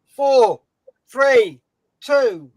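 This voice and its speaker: A man hosting a live-stream charity auction, brisk and upbeat, reading out chat comments and calling the time left. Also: very high voice, lively intonation, noisy background. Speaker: host and auctioneer.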